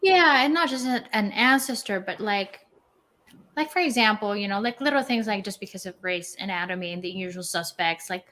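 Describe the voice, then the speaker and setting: A woman's voice: medium pitch, lively intonation, a little fast, a bit bright. A chatty actress with a Filipino accent talks casually as an interview guest. She fills her sentences with "like" and slips into Tagalog words now and then. She sounds like a young adult woman. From Philippines.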